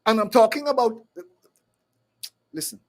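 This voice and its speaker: A fiery man hosts a live talk show. His voice sits high for a man, and he rants hard, often stumbling and repeating words as he pushes his point. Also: lively intonation, a little slow, darkish tone. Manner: fiery, repetitive, stumbling restarts. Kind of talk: impassioned call-in commentary.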